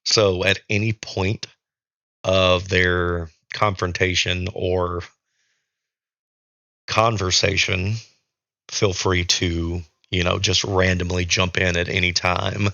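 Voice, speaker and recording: Man, tabletop storyteller, low-ish voice, dry close sound, hesitant and pausing. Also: level tone, vocal fry, pushed and bright, no room sound, highs cut off. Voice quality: hesitant, thinks aloud with many pauses. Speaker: storyteller running a tabletop game. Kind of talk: narrating and ruling a tabletop game.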